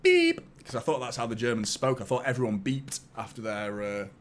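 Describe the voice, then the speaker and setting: A man's voice: mid-range voice, a little fast. A man hosting a live football watchalong, reacting to the match, swearing and joking with his chat. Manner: excitable, swears, jokes with chat. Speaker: watchalong host.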